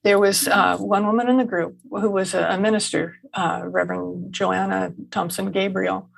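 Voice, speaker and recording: A woman guest on a podcast, telling stories gently with frequent restarts and light laughs. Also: medium pitch, steady tone, moderate pace, creaky, low-quality recording. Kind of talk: conversational interview.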